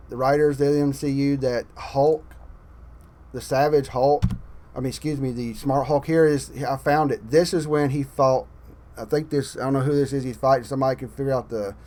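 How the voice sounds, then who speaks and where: A man ranting about a film in casual online commentary, swearing often and swinging between loud outbursts and muttered asides. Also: medium pitch. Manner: profane, exasperated ranting; animated, swings loud and soft. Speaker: channel host.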